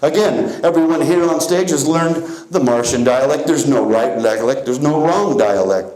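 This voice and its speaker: A man's voice: mid-range voice, darkish tone, reverberant, rough recording. Man leading a comic hypnosis show. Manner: slow guiding suggestions, chuckling at volunteers. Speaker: stage hypnotist. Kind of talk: comedy hypnosis stage patter. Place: theater stage before a live audience.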